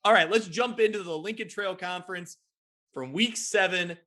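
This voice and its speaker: A man hosts a sports talk podcast, delivering quick, energetic recaps of high school football games.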